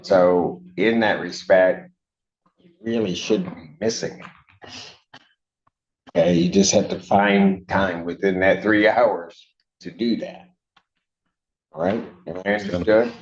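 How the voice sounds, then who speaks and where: A man with a very deep voice laying out the rules slowly and sternly. He speaks deliberately, as if instructing the defendant. The recording is dull courtroom audio. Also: fairly even intonation.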